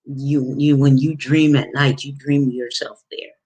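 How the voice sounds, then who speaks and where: A woman's voice: rumbling low, steady tone, a little slow, mellow. A woman life coach giving an emphatic, preachy motivational talk, repeating phrases and dropping folksy pet names. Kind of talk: motivational video monologue.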